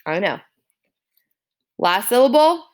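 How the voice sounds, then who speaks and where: A woman's voice: fairly high pitch, big pitch swings, slow pace, a little mellow. A woman teacher giving a classroom spelling dictation, sounding out words syllable by syllable.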